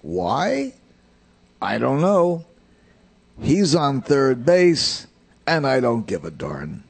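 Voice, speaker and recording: Older guy teaching voice, slow rambly talk, lots of ups and downs in pitch, guitar around. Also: wildly swooping pitch, gravelly, breathy edge. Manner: rambling, anecdotal, plain-spoken. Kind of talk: rambling spoken voice lesson.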